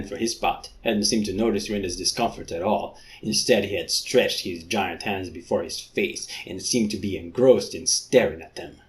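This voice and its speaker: A man casually reading a book aloud and breaking off into joking, sweary asides. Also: lowish voice. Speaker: reader.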